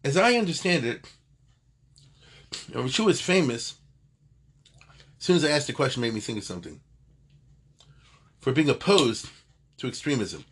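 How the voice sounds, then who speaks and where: Husky man teaching a Talmud class. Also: mid-range voice, big pitch swings, normal speed, pauses often. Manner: digressive, conversational, self-correcting. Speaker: Torah teacher.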